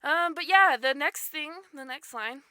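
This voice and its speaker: A woman hosting a casual podcast chat with friends, giggling as she tells a dark story. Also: sits high, measured pace, no room sound. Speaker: podcast host.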